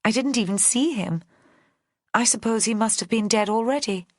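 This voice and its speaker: Female reader as a haughty, posh southern English woman, cool, calm and higher in pitch. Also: normal speed, no room sound, clean studio sound, close to an everyday voice. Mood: imperious. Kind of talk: audiobook character voice.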